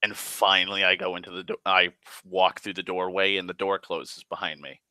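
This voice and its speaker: A man tells a story from a tabletop game in a loose, rambling way, swearing often and stumbling through restarts. His voice sits low and sounds bright and forceful. The recording is dry and close. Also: flat delivery, brisk, smooth, no room sound. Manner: rambling, profane, heavy on "like" fillers and restarts. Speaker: tabletop game player recounting a session. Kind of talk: casual spoken storytelling.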